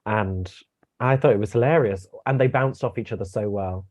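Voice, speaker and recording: A man's voice: on the low side, normal speed, a little mellow. A young man giving his views in a casual review chat, chatty and opinionated, with stammering restarts. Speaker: co-host guest.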